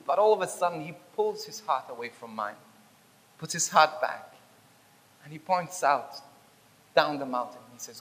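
A man preaching a personal testimony with emphatic, repetitive phrasing that swings from loud bursts to near whispers. His voice sits a little high and sounds bright and forceful. The sound rings with a long hall reverb. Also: animated, moderate pace, pauses often. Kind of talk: sermon testimony.

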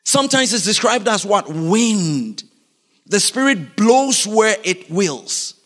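A man preaching a sermon in a lively, animated way, constantly putting questions to his congregation, in a church. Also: high-pitched, takes it slowly. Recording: reverberant hall.

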